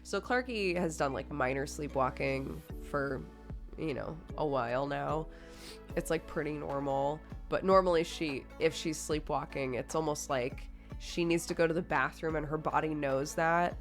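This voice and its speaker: Chatty woman streamer telling a story. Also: low voice. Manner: chatty, full of "like" fillers, laughs through the telling. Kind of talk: casual storytelling to a live stream chat.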